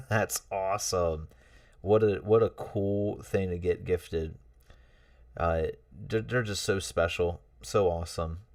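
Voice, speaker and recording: A man's voice: low-pitched, takes it slowly, darkish tone, dry recording, studio quality, distant mic. A man hosting a casual livestream, chatting with viewers in a rambling, friendly way with many fillers and chuckles. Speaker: livestream host. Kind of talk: casual livestream chat reading out chat messages.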